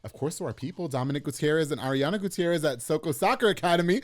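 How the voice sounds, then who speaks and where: A man in his thirties hosting a podcast, chatting casually, laughing often and reading sponsor shout-outs. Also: fairly high pitch, lively intonation, dry recording, clean studio sound. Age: 30s. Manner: fast, laughing, emotional thank-yous. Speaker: podcast host. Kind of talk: casual podcast chat with ad reads.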